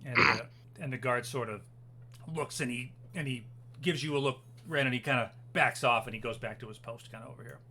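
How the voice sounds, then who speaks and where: A man's voice: medium pitch, a little fast, bright, forceful tone. A man narrating as game master of a tabletop game, loose and hesitant with plenty of fillers.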